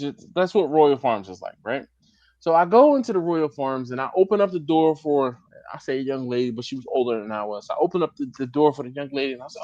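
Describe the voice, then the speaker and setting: A man's voice: medium pitch, dry recording, dull audio. A man hosting a casual live stream chat, telling stories with a lot of laughter and acting out the quotes. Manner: animated storyteller, laughs often, acts out quotes. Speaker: livestream host.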